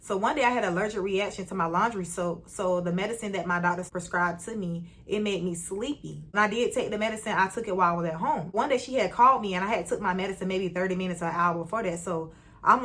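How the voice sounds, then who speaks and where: A young woman vlogger telling a personal story in a chatty, slangy way, speaking straight to her viewers and jumping up in pitch when she acts out greetings. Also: quick pace. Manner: lively, jumps high when retelling greetings. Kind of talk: casual storytime.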